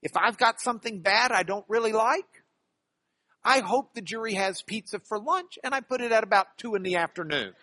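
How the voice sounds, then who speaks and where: A man's voice: high-pitched, lively intonation, moderate pace, bright, forceful tone. A man who works as a trial lawyer teaching a class from slides, folksy and emphatic, with joking asides.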